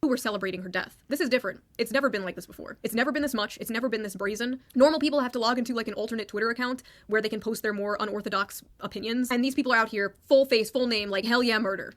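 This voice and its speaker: A woman's voice: on the high side, racing, few pauses. A woman in a played video clip delivering a scornful political opinion monologue.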